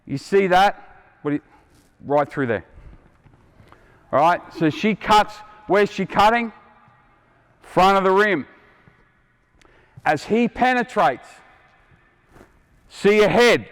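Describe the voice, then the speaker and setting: Middle-aged Australian male basketball coach, fairly high voice, blunt and wry, echoey gym. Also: lively intonation, slow, long pauses, fairly bright tone. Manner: quizzing players, blunt and joking. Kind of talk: on-court coaching clinic. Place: indoor basketball court. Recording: long hall reverb from a gym.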